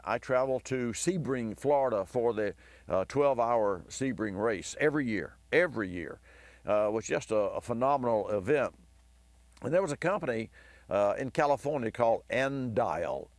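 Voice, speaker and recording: A hoarse man hosting a car advice radio show, telling a long rambling story with enthusiasm. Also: medium pitch, animated, moderate pace, dry recording. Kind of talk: talk radio monologue.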